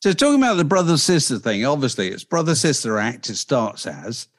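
Lively-voiced male interviewer. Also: medium pitch, brisk. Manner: leading questions with tag endings. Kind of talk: conversational interview.

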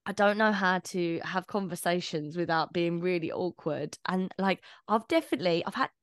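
A young woman co-hosting a podcast in casual chat, animated and sweary, laughing often and restarting her sentences. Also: on the low side, normal speed, dry recording, studio quality. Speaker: podcast co-host.

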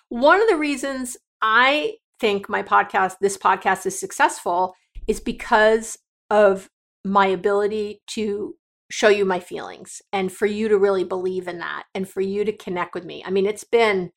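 A woman's voice: medium pitch, moderate pace, gravelly, a bit bright. A middle-aged woman hosting a solo podcast, talking straight to her listeners in a direct, coaching and emotional way. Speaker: podcast host.

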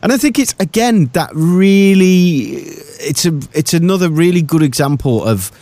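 A man co-hosting a podcast, chatting casually and animatedly about TV shows, jumping between thoughts with quick asides. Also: high voice, expressive, a little mellow, dry recording. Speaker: podcast co-host.

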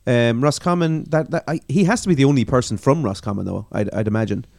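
A man's voice: medium pitch, fast talker, creaky, a little mellow, no room sound, clean studio sound. An Irish man co-hosting a podcast, leading a casual chat in an upbeat way. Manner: upbeat, steering the talk. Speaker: podcast co-host.

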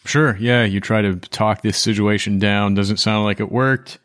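A man's voice: lowish voice, fairly even intonation, measured pace, fairly bright tone, no echo, clean studio sound. A man narrating and running a tabletop role-playing game in a laid-back, jokey way, often breaking into laughter. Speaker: game master.

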